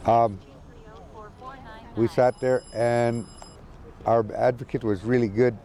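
A man giving a casual, halting spoken report from an outdoor camp, with many restarts. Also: mid-range voice, steady tone, dark tone, slight background noise. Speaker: community advocate calling in from a camp. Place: outdoor encampment.

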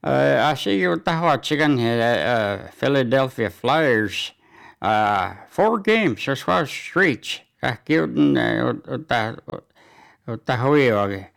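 Slow, gravelly-voiced male announcer. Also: mid-range voice, animated, fairly bright tone. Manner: halting delivery with many fillers. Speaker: community announcer. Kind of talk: community announcements and sports news.

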